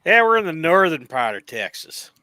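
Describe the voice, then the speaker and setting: Bright-voiced man in casual chat. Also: fairly high pitch, very animated, normal speed, dry recording, studio quality. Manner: jokey, puts on a mock accent.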